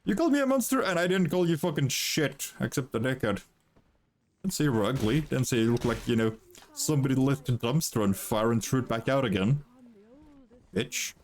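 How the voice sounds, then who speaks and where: A man's voice: mid-range voice, animated, brisk. A young man casually commenting on a video game as he plays, swearing freely and chattering playfully to his chat and the characters on screen. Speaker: streamer.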